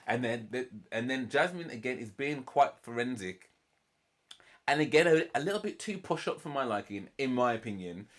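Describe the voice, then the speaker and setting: A man's voice: medium pitch, animated, moderate pace. A British man hosting a reaction channel, giving a casual recap and breakdown of a TV show in a chatty, rambling way. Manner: chatty, heavy on "like" and "you know", acts out quotes from the show.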